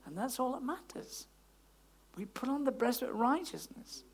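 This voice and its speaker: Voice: sits high, moderate pace, breathy edge. Preacher, chatty sermon, voice jumps all over, lots of "isn't it?" asides. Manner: conversational, with frequent tag questions and asides; lively, emphatic delivery.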